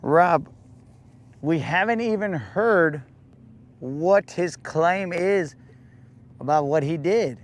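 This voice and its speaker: A man's voice: on the high side, lively intonation, slow pace, pauses often. A young adult man hosting a podcast, chatting casually and jokingly in heavy slang, calling everyone bro and dog. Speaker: podcast host. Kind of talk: casual chat.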